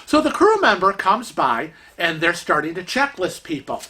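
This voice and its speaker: A man's voice: high-pitched, very animated, normal speed, bright, forceful tone, husky. A man vlogger telling a story in a chatty, exasperated way, acting out the quotes. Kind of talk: casual storytelling.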